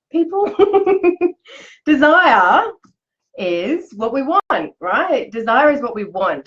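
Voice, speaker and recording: A woman's voice: fairly low pitch, dull audio. A woman, hosting a chatty, upbeat live motivational talk. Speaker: host. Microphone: live video stream.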